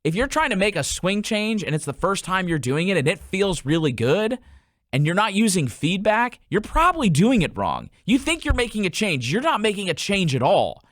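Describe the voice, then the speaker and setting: A man's voice: high voice, moderate pace, no room sound, studio quality. A man in his thirties hosting a golf podcast, coaching casually and acting out little stories with quoted voices. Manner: animated storyteller, acts out quotes in changed voices.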